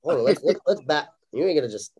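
A man's voice: fairly high pitch, fast talker, slightly rough. A man chatting casually on a podcast, telling stories animatedly with lots of fillers. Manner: animated storyteller, acts out quotes, lots of fillers. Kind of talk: casual chat.

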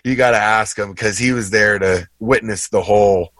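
Relaxed low-voiced man telling stories. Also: moderate pace, no echo. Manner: relaxed, storytelling, slangy. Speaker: podcast co-host, former college basketball player. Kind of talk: casual chat.

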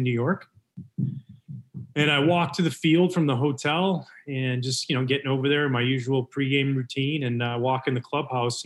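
A man in his forties from Canada, a former baseball pitcher telling stories as a guest, acting out the voices of the people in them. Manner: animated storyteller acting out quotes. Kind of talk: casual storytelling interview.

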